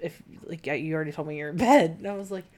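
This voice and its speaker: A woman's voice: low voice, quick pace, a little mellow. A young woman co-hosting a podcast, recounting a story in a candid, wry way with casual swearing. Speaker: podcast co-host.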